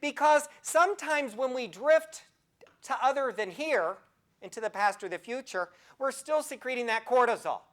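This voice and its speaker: A woman in her sixties, a nursing professor, giving a health talk to an audience as an animated storyteller who asks her listeners direct questions. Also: sits high, moderate pace.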